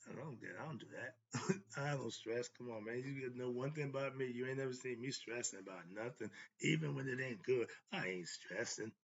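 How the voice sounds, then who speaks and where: Older man, spiritual teacher type, emphatic monologue, raspy and gravelly voice, dull lo-fi recording. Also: mid-range voice, a little fast. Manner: emphatic, repetitive, asks himself rhetorical "why?". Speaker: self-described spiritual teacher. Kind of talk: casual spoken monologue.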